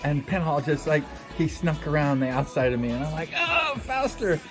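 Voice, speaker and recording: A man in his sixties with a somewhat high voice tells a story from his racing days in a loose, chatty way. He acts out what people said and fills the gaps with "you know" and "like". Music plays under him the whole time. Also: fairly quick. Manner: animated, acts out quotes, many fillers. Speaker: former speedway rider. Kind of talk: casual personal storytelling. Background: background music.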